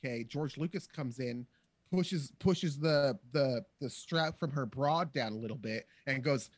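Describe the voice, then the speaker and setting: A man chatting casually and profanely on a podcast, animated and rambling, acting out quotes in silly voices. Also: mid-range voice, measured pace, no echo. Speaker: podcast co-host.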